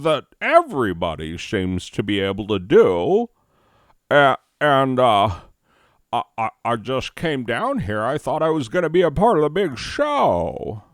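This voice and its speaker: A man's voice: mid-range voice, dry recording, studio quality, voice pushed up. A man putting on the voice of a flustered old-time frontier man who stammers and hollers. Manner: stuttering, hollering.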